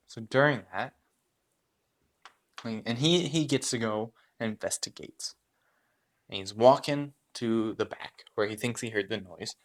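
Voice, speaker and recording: A man narrating a story game as game master, rambling, with many fillers and restarts. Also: on the low side.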